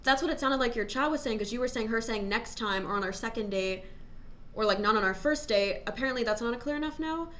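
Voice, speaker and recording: A woman's voice: on the high side, quick pace, fairly bright tone, slight background noise. A woman in a heated casual debate, pressing persistently with questions.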